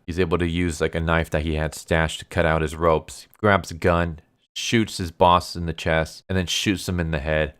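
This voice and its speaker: Guy with a low smooth voice chatting through a story recap, lots of likes and uhs. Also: fairly bright tone. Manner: loose and chatty, full of "like" and "uh". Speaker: manga recap narrator.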